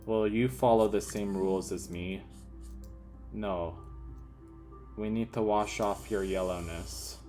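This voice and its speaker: Brief: unhurried male let's player, rambling and self-mocking, game music loud behind. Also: lowish voice, steady tone. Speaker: gaming commentator. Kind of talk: casual let's play commentary.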